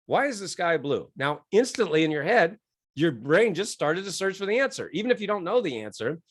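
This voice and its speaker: A middle-aged man, a guest keynote speaker, telling stories in an interview with animated quoted voices and frequent laughs. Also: high-pitched, brisk. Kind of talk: energetic storytelling interview.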